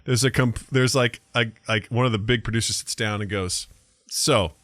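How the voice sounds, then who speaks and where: Podcast co-host, male, bright and dry-recorded, rambling and profane. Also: medium pitch, steady tone, fairly quick, no echo. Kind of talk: casual chat.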